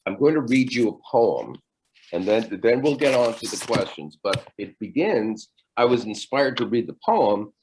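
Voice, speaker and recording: An older man teaching a class over a video call, talking haltingly with many fillers and restarts. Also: fairly low pitch. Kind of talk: virtual class lecture.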